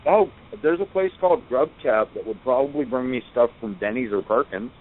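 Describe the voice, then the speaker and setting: A man's voice: mid-range voice, expressive, fairly quick. A man calling in to a radio show, joking easily with the host. His voice comes through a tinny, phone-like line. Faint hiss sits under it. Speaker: caller. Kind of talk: casual call-in chat.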